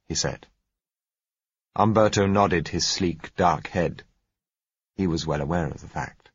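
A man reading a novel aloud in an even, measured storytelling manner. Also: very deep voice, breathy edge, no echo, muffled recording. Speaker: audiobook narrator. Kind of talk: scripted narration.

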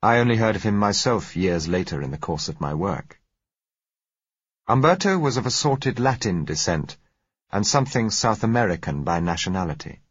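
A man reading a novel aloud in an even, measured storytelling manner. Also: fairly low pitch, breathy edge, no echo, muffled recording. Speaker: audiobook narrator. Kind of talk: scripted narration.

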